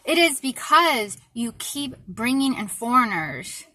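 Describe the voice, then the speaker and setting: A woman vlogger from the United States delivers an exasperated, indignant rant, hammering her points with repetition. Her voice sits a touch high and sounds sharp and bright. The sound is dry and close, with no room echo. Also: sing-song, slow pace. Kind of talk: ranting monologue.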